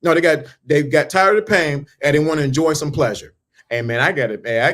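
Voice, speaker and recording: A man's voice: fairly high pitch, fairly quick, a bit bright. A man giving a motivational talk about mindset and dating, in emphatic, repetitive, preaching style with casual slang and questions thrown at the listener. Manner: emphatic, repeats lines, asks the listener questions.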